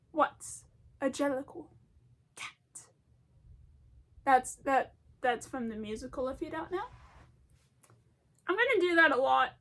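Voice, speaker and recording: A woman's voice: high-pitched, a bit bright. A woman talking in a casual, rambling commentary, chatty and self-deprecating, often breaking into laughter. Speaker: video essayist.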